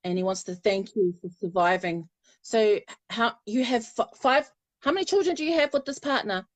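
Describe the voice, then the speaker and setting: A woman's voice: medium pitch, moderate pace, no echo. A woman giving a live psychic reading, chatty and affectionate, often laughing. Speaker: spiritual medium.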